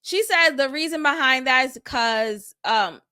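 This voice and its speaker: Bright-voiced woman recapping a show. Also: high voice, a little slow, no echo, studio quality. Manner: candid, opinionated, chatty. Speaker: show review host. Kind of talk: casual reality show recap.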